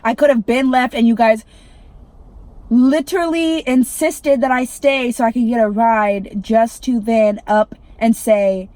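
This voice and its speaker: A young woman vlogger with a fairly high, steady, darkish voice speaks a little slowly, with no room sound. She tells her viewers an irritated storytime rant, swearing and saying "like" a lot.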